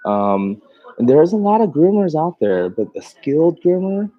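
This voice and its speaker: A man who works as a mobile dog groomer chats on a livestream in a slightly high, sing-song voice at a moderate pace, with dull audio. He reads viewer comments aloud, laughs often, and rambles in loose bursts full of fillers and restarts.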